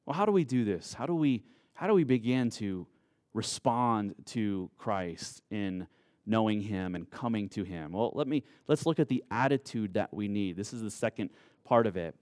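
A man's voice: lowish voice, animated, a little mellow, no echo. Earnest male preacher, dry sound. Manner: earnest preaching, slow emphatic phrases. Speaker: pastor. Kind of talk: sermon.

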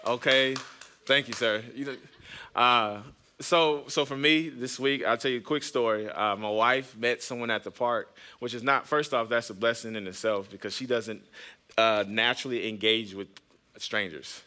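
A man's voice: mid-range voice, fairly even intonation, moderate pace, pushed and bright, clean tone. A man in his thirties, a pastor hosting a podcast, preaching in a chatty way with personal stories and jokes aimed at the congregation. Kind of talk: conversational sermon with personal stories.

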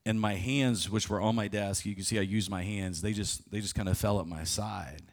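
A man's voice: lowish voice, fairly even intonation, normal speed. A man preaching a sermon, telling a personal story vividly and often restarting his phrases. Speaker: pastor. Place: church sanctuary.

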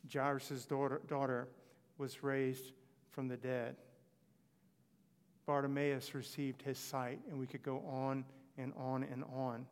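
A man preaching a sermon, retelling scripture stories with animated delivery and voicing the people he quotes. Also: mid-range voice, slow pace, clean tone, in a large hall.

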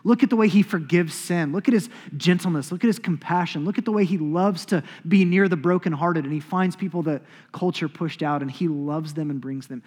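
High-voiced husky preacher in a reverberant hall. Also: male voice, brisk, few pauses. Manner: emphatic, swings between loud declarations and quiet asides. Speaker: pastor. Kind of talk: sermon.

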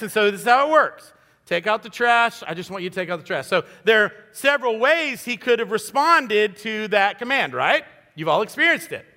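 A man in his fifties preaches a sermon as a guest pastor, with a high, bright and forceful voice. He talks in a conversational, self-deprecating way, with fillers. His voice rings with the long reverb of a church hall. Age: 50s.

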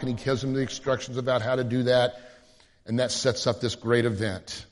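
A male pastor preaching a sermon in an animated way, acting out the voices of the people he quotes. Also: mid-range voice, fairly quick, long reverb tail.

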